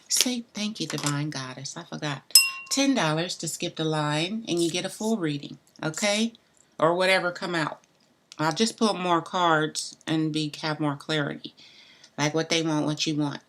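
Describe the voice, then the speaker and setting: Woman reading tarot live, low-ish voice, chatty and blunt, bit of background hiss. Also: a bit bright. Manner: chatty, talks straight to viewers; loose and blunt, mild cussing. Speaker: tarot reader.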